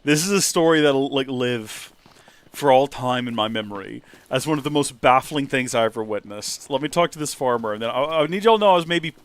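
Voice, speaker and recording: A man chatting casually over gameplay, animated and prone to high excited exclamations. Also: fairly quick, clear, resonant tone, no room sound. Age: 30s. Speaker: let's play streamer. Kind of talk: casual gameplay commentary and storytelling.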